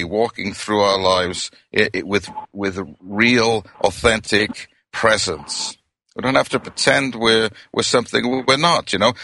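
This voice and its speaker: A middle-aged man from Wales with a Welsh accent, giving a gentle, reflective sermon as a minister. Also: fairly low pitch, no room sound. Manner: gentle, reflective, addresses listeners as friends.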